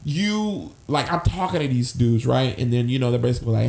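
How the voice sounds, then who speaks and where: A man's voice: mid-range voice, brisk, vocal fry, a little mellow. A young man telling a story as a podcast guest in casual, profane talk, saying bro often. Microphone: studio mic. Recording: echoey room with faint noise.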